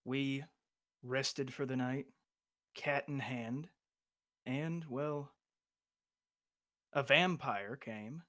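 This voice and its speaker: Slow, deadpan man playing a tabletop game. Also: mid-range voice. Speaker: player. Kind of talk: in-character tabletop role-play.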